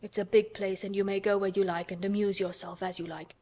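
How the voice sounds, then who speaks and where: A sad, worn-out gentleman from a storybook reading, speaking slowly and low in a subdued, tired way, as a woman narrator puts him on. He sounds distracted and heavy-hearted. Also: level tone, natural voice. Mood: weary. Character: weary, grieving middle-aged gentleman guardian.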